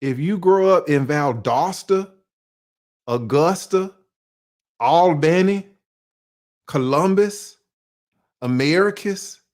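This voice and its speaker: A man's voice: on the high side, expressive, takes it slowly, long pauses, darkish tone. A man in his forties from the US South with a Southern accent, talking to his audience in a casual monologue and posing rhetorical questions. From Atlanta, US South. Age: 40s. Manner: conversational, poses rhetorical questions, uses slang. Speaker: online commentator.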